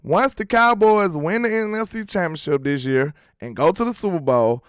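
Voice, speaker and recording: A man's voice: high-pitched, animated, moderate pace, smooth, dry recording, studio quality. A man hosting a casual sports talk livestream, reading viewer comments and riffing on them in emphatic slang. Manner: slangy and emphatic, worked up about his team. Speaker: sports talk show host.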